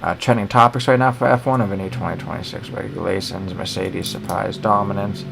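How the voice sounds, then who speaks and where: A man's voice: deep voice, fairly even intonation, a little fast, vocal fry, background noise. A young American man co-hosting a sports show, rambling opinionated commentary full of fillers and self-corrections.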